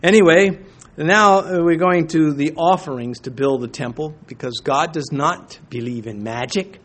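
A man's voice: fairly high pitch, moderate pace, a bit bright. A man teaching through a Bible chapter as a pastor, folksy and chatty, with joking asides and frequent restarts.

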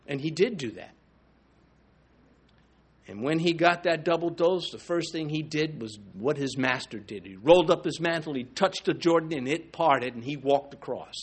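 A man preaching a sermon, emphatic and swinging between loud declarations and hushed asides. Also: high-pitched, animated, moderate pace. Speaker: pastor.

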